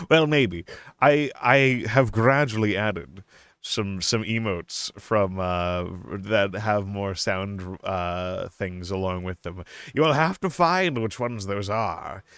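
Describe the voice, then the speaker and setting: A man's voice: lowish voice, a bit bright, smooth, dry recording. A young man chatting casually on a live stream, playful and laughing often, slipping into a silly put-on accent.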